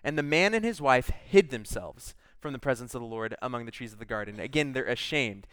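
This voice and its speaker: A man's voice: mid-range voice, animated, fairly quick, a bit bright, clear, resonant tone, dry recording. A man preaching a sermon, reading scripture aloud and stopping to explain it in a conversational way. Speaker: pastor.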